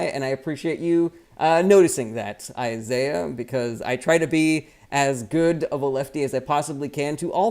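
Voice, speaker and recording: A man's voice: fairly high pitch, smooth. Blunt, profane young man chatting live. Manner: blunt, profane, reads viewer comments aloud and replies. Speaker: livestream host answering chat questions. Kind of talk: casual live chat Q&A.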